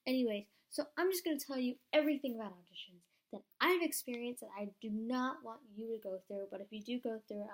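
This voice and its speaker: A woman's voice: on the high side, noisy background. A young woman vlogging at home into a camera, hyped up and rambling, with many "like" fillers. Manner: excitable, rambling, fast-talking with many "like" fillers. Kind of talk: hyped-up casual vlog.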